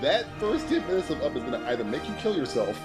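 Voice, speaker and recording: A man's voice: fairly high pitch, very animated, fast talker, music in the background. A man co-hosting a podcast in casual chat, rambling with frequent restarts, swearing and laughing often. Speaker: podcast co-host.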